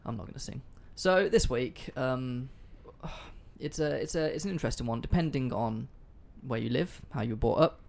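A man's voice: medium pitch, normal speed, creaky, a little mellow. A man hosting a casual history podcast, chatty and offhand, swearing freely. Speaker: podcast host.

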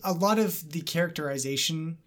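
A man's voice: fairly high pitch, brisk, a bit bright. A man co-hosting a podcast, talking analytically with many hesitations and uhs. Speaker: podcast co-host. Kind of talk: casual literary discussion.

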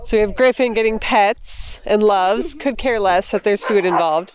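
A woman vlogging outdoors on a phone, chatting and laughing, cooing in a high voice at puppies. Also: moderate pace, noisy background. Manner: giggly, coos high at puppies. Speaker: vlogger visiting a puppy breeder. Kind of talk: casual vlog chat. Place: outdoors in a yard with dogs. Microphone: phone camera.

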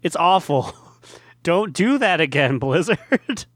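Male co-host, fairly high voice, dry close recording, laid-back joking delivery. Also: very animated, takes it slowly, fairly bright tone, dry recording. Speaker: podcast co-host. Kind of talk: casual gaming chat.

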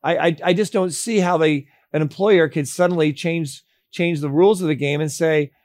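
A man hosting a legal interview, speaking deliberately, with frequent fillers and repeated words. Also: fairly high pitch, darkish tone, dry recording, clean studio sound. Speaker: host. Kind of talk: interview questions and commentary.

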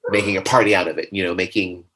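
A man being interviewed in a casual conversation, talking in a playful, animated way that jumps into high comic voices. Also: very fast, a little hiss or hum, low-quality recording. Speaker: interview guest.

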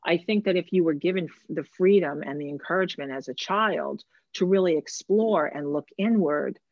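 A woman's voice: on the low side, normal speed, no echo, muffled recording. A woman who coaches women, speaking earnestly and reflectively in a conversation, often repeating words as she talks.

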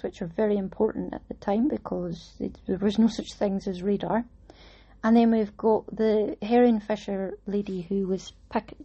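A middle-aged woman reminisces in a relaxed, chatty way, slipping in Scots words. Her voice is soft and a little husky, with a mellow, dark tone. She talks like she's sharing a story with friends. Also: mid-range voice, lo-fi sound. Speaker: vlogger talking about her embroidery project. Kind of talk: casual storytelling.

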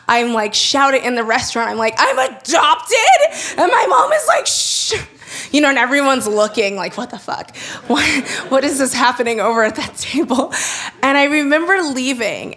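A young woman with a medium-pitched voice tells a personal story chattily. She laughs often and acts out quoted lines in lively voices.

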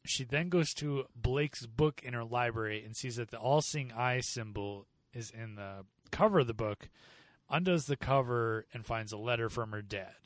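A man co-hosting a casual movie review podcast, animated and fond of acting out scenes in put-on voices. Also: medium pitch, normal speed, no room sound. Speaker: podcast co-host.

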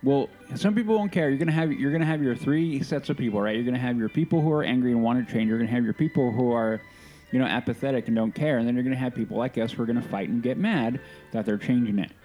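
Male co-host with a warm, dark voice, fervent and repetitive in argument, soft music underneath. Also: mid-range voice, quick pace. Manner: passionate, emphatic, repeats himself. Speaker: podcast co-host. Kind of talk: casual chat.

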